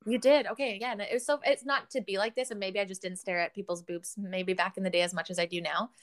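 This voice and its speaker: A woman's voice: mid-range voice, steady tone, fast talker. A woman in her thirties hosting a casual podcast chat, talkative, laughing often and swearing freely. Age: 30s. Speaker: podcast host.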